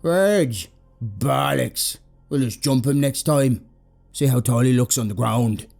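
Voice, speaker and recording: A man voicing a gruff, blustering traveller uncle who talks loudly. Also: mid-range voice, slow pace, faint music behind, pitched above the performer's own voice. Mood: mocking.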